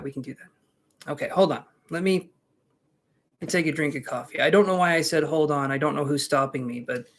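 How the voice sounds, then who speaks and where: Chatty, joking male tarot reader. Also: on the high side. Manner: jokey, reassuring, chatty. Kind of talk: live-stream casual chat.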